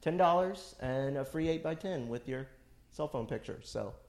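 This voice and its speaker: A man's voice: fairly high pitch, animated, moderate pace, darkish tone. A man in his late twenties, co-hosting a podcast, telling a story in casual chat with dry asides and plenty of swearing. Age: late 20s. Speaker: podcast co-host.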